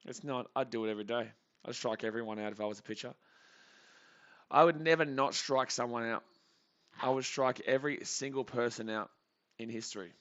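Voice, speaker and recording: A young man hosting a live baseball reaction stream, calling the plays casually and reading out chat messages with bursts of excitement. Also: mid-range voice, a little fast, long pauses, lo-fi sound. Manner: casual chatty commentary, reads chat aloud, excitable.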